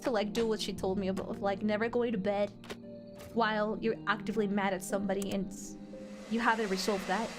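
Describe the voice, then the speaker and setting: A woman's voice: medium pitch, level tone, brisk, over music. A young adult woman streaming a game, chatting casually with her chat in a rambling, giggly way full of fillers.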